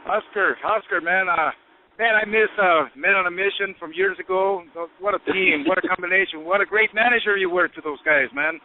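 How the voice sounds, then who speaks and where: A man calling in as a radio guest, talking relaxed with many filler pauses. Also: sits high. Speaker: guest, wrestling school owner. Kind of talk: casual phone interview. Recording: tinny phone line.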